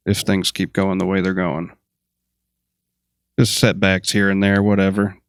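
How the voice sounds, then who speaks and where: A man with a very deep voice, a guest on a casual podcast, answering in short, low-key replies. The sound is dry and close to the mic. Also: completely flat delivery, unhurried, smooth, no echo.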